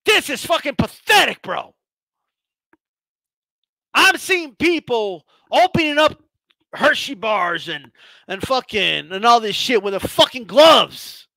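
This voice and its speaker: A man's voice: very high-pitched, very animated, slow, gravelly, pauses often, pushed and bright, no room sound. A man hosting a boxing channel, ranting heatedly with lots of swearing and stammered restarts. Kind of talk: profane casual rant.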